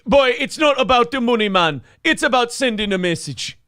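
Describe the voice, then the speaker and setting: A man doing a goofy put-on Jamaican voice, pitched well above his own and pushed louder. He drawls the quotes in a sing-song lilt, rising and falling widely, and caps each line with "man". The sound is dry and close. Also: lively intonation, normal speed, no room sound, heavily acted. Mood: joking. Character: man with a put-on Jamaican accent quoting movie lines.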